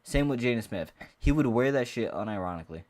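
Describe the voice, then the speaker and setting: A man's voice: medium pitch, lively intonation, fast talker, darkish tone. A man ranting to camera in a casual sports vlog, heated and profane, rambling with frequent restarts. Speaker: MMA commentary vlogger.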